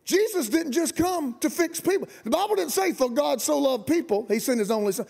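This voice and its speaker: A man preaching a fiery sermon as guest pastor, shouting and colloquial. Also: very high voice, animated, fairly quick, creaky, few pauses. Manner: shouting, colloquial, Southern-style preaching with rising emphasis. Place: large camp meeting venue.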